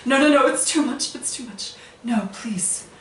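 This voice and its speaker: A woman's voice: a little high, normal speed, a little hiss or hum, lightly acted. A woman playing a lovesick, self-pitying young prince who whines melodramatically on a live stage. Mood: distraught. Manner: melodramatic, whining. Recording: echoey theater from far off, loud music.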